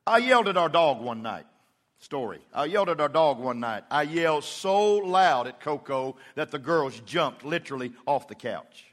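A man's voice: on the high side, animated, normal speed, big-room sound. A middle-aged man preaching a sermon as pastor, telling folksy stories and acting out quotes from his congregation. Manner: folksy storytelling with acted-out quotes. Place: church.

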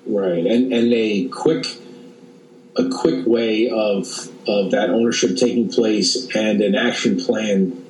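A man in casual business talk, speaking haltingly with many restarts and repeated words. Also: on the low side, steady tone, darkish tone, distant mic, a little hiss or hum. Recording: echoey room, off-mic.

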